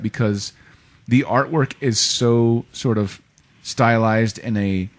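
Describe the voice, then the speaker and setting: A man with a somewhat low voice co-hosting a casual chat podcast. He tells stories with energy and slips into quoted voices along the way. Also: measured pace. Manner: animated storyteller, acting out quotes. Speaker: podcast co-host.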